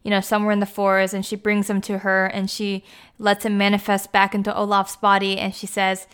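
A woman with a smooth, clear voice talks through a recap in an easygoing, chatty way. She leans on "like" and "you know" throughout. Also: mid-range voice, monotone, fairly quick, a bit bright. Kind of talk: casual plot recap.

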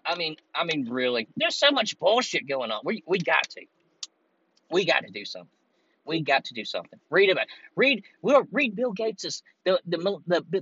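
A man's voice: high voice, bright, forceful tone, highs cut off. Foul-mouthed man ranting from his car. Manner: profane, heated, rambling rant. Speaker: podcast host. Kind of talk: ranting solo podcast recorded while driving. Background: air conditioner running.

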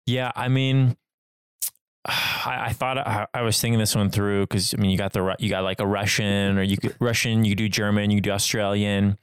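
A man from the United States talks in a casual podcast chat, his voice low and smooth. He rambles, restarts his sentences and leans on fillers, and the sound is dry and close. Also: normal speed, no echo. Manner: rambling, many restarts and fillers, animated retelling. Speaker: podcast co-host.

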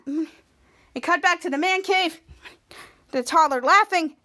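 High bright woman recapping scene by scene. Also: measured pace, long pauses. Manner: choppy scene-by-scene retelling, acting out quoted lines louder and higher. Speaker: podcast host. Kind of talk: episode recap.

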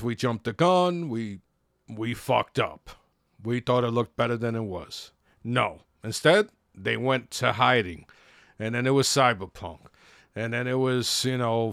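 A man's voice: medium pitch, fairly bright tone, no echo, studio quality. A man podcasting, ranting in a blunt, profane, exasperated way. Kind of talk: ranting monologue.

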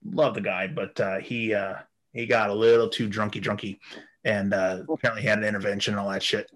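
A man hosting a podcast in casual chat. He rambles, swears often and fills pauses with "uh" and "you know.". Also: lowish voice, flat delivery, fairly bright tone. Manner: rambling, swears a lot, many fillers and laughs. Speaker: podcast host.

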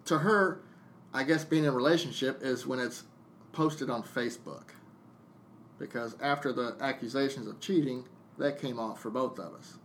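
A man of middle pitch telling a story on a podcast, blunt and full of swearing. He jumps into both sides of remembered arguments as he talks, with a faint hiss under the recording. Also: normal speed, fairly bright tone. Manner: venting, blunt and profane, jumping into quoted dialogue. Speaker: podcast guest, DJ. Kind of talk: casual storytelling chat.

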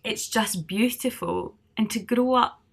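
A woman's voice: fairly high pitch, a little slow, vocal fry, breathy edge. A woman with a Scottish accent, a singer, talking in a chatty, rambling way with many fillers. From Scotland. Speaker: singer guest. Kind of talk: casual conversation.

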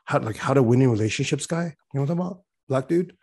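A man's voice: mid-range voice, rapid-fire, a little mellow, breathy edge, no room sound. A young man talking in a loose, rambling way, full of fillers, laughing as he tells stories. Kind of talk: casual chat.

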